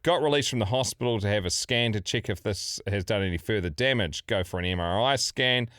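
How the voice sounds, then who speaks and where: A man's voice: on the low side, a little fast, a bit bright, clear, resonant tone, dry recording, studio quality. Sweary New Zealand man telling a story. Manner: sweary, laid-back storytelling. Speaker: podcast co-host. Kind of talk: casual podcast chat, reading a listener story.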